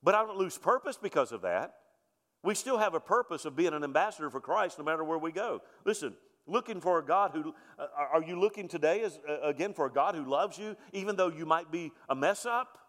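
Preaching pastor in a reverberant sanctuary. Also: male voice, expressive, a little fast. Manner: preaching with rising emphasis and soft, low storytelling passages. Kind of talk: sermon. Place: church sanctuary. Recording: long reverb of a church sanctuary.

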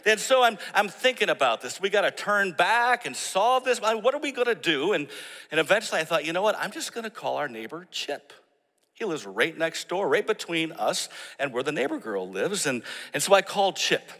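A man preaching a sermon, telling a story and acting out the people in it with animated emphasis. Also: sits high, moderate pace, in a large hall. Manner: storytelling, animated when quoting others. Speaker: pastor.

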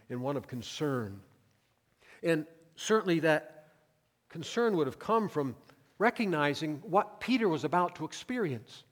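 A man's voice: on the high side, lively intonation, moderate pace. Earnest male pastor, reverberant church. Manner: earnest preaching with strong emphasis. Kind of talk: sermon. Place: church sanctuary.

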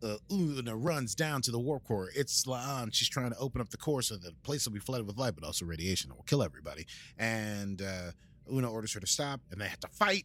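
A man's voice: mid-range voice, sharp tone. A man, a podcast host casually recapping an episode in a rambling, playful way. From United States. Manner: rambling, playful, adds sound effects. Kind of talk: casual chat.

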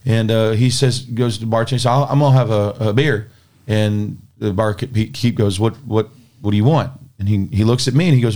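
A man's voice: fairly low pitch, a little fast. A man, a pastor telling a story in casual chat and acting out each person's lines. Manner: animated storyteller acting out dialogue.

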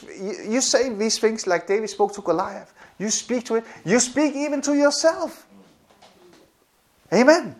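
A man preaching a sermon in an animated way, repeating phrases and often laughing. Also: high-pitched.

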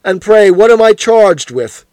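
A man voicing a refined gentleman exposed in disguise, formal and anguished. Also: sits high, animated, unhurried, no room sound, voice pushed up. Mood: defiant.

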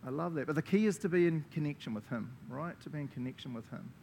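A man with a New Zealand accent preaching a lively sermon to a congregation, laughing often and acting out the voices he quotes. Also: fairly high pitch, fast talker, gravelly, a little hiss or hum.

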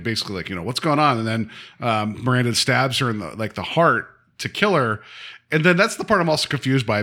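A man's voice: mid-range voice, sharp tone. A man casually recapping a TV episode with a co-host, rambling with many fillers and acting out quotes. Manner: rambling, lots of fillers, acts out quotes with laughs.

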